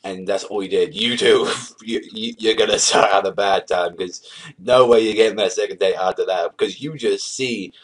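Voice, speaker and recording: A man's voice: on the low side, moderate pace. A young man casually reviewing an anime episode, rambling with lots of fillers and the odd swear word.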